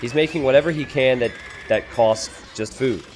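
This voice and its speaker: A man giving casual strategy game commentary, excitable, laughing and exclaiming at players' blunders. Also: mid-range voice, moderate pace, a little hiss or hum.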